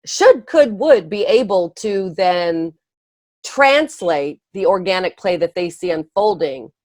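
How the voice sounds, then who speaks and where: A woman guest, an early education speaker and author, explaining her ideas in a conversational interview with quick laughs and restarts. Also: on the low side, big pitch swings, dry recording.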